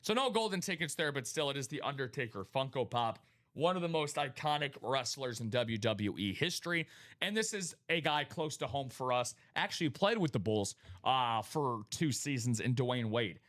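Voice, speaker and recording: A man hosting a live sports memorabilia stream, talking in an energetic hype style and greeting viewers by name. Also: mid-range voice. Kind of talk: casual live-stream chat.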